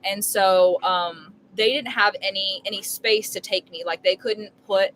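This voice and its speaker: A young woman chats into a live stream from inside her RV as she makes dinner. She tells her story casually and emphatically, rambling on with filler words. Her voice sits at a middle pitch, with a faint hum of background noise behind it. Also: unhurried, a bit bright, rough recording. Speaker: full-time RV live streamer.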